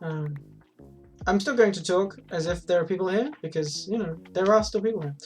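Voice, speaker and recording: A woman with a somewhat low voice chats casually while she plays, rambling and restarting her sentences. She swears freely, and faint music sits under her voice. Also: fairly quick, darkish tone. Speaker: streamer. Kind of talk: casual chat while gaming.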